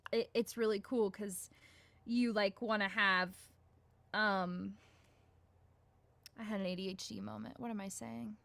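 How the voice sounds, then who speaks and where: A young woman with a Southern accent talks in a bubbly, rambling interview style, tripping over fillers and restarts. Her voice sits fairly high and rings bright. The sound is close and dry. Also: dry recording. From Georgia, US. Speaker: guest voice actress. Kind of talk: casual interview chat.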